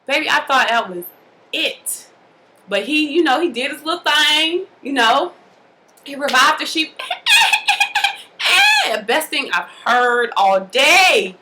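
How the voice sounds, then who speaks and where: Animated woman telling a story. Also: high voice, measured pace, background noise. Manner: animated, colloquial, acts out the scenes. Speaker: mother telling a birth story. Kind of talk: casual storytelling to camera.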